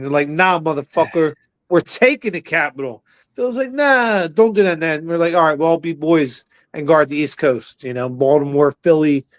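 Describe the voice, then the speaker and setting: Guy co-hosting a sports show, high voice, loud and cussing, jokes around and yells sometimes. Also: no echo. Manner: loud, profane, jokey, swings into shouts. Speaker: podcast co-host. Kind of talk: casual chat.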